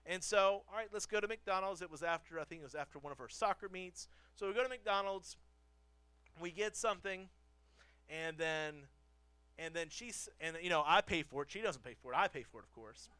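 A man's voice: sits high, a little fast, sharp tone, clear, resonant tone, no room sound. A man preaching a sermon as the pastor, telling a family story with self-deprecating humor and repeating phrases for emphasis. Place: church pulpit.

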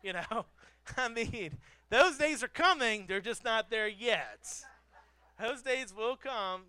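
A male pastor delivers a sermon with a high, bright, very lively voice that swoops up and down as he tells stories. He pokes fun at himself and doubles back on phrases to drive them home. The sound is smooth and dry, with no room echo. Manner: animated, storytelling with self-deprecating humor; repeats phrases for emphasis. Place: church pulpit.

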